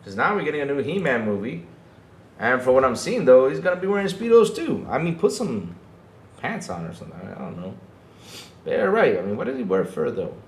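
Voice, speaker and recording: Excitable male streamer in an echoey room. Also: medium pitch, a little fast, a little hiss or hum. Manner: excitable, repeats himself, talks to chat. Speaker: podcast host streaming to chat. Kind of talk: casual livestream chat.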